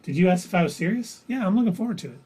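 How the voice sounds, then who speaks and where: A man's voice: high voice, animated, very fast, mellow, husky. A man co-hosting a casual livestream, chatting and reading out the viewers' votes. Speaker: co-host reading the chat. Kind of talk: casual chat.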